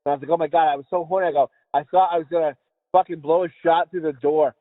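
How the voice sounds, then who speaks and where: A man's voice: fairly high pitch, steady tone, fast, no room sound. A man co-hosting a podcast, rambling through crude jokes and laughing often. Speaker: podcast co-host. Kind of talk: crude casual banter. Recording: tinny phone-like sound.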